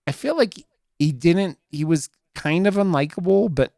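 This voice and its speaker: Smooth-voiced man rambling through a movie review. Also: a little high, expressive, normal speed, darkish tone, no echo, studio quality. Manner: rambling, full of fillers and restarts. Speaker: podcast co-host. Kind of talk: casual movie review chat.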